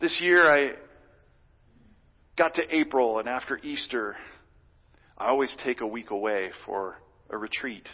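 A male pastor preaching a sermon with earnest feeling, swinging from loud pleading to hushed whispers. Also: mid-range voice, big-room sound, muffled recording.

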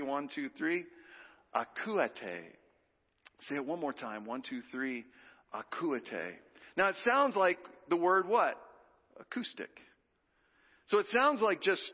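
A man preaching a sermon, drawing the congregation into call-and-response, with dramatic pauses and hushed drops on key words. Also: sits high. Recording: dull reverberant hall sound.

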